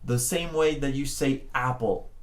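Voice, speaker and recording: A man teaching a Spanish pronunciation lesson, encouraging the learner, often checking in with "okay?", and drawing out words slowly to model them. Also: mid-range voice. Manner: slow, drawn-out words when modeling sounds. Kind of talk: spoken language lesson.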